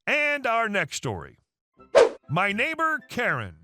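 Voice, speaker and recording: A man narrating reddit stories aloud in an animated storytelling manner. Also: high voice, slow. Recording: faint background music.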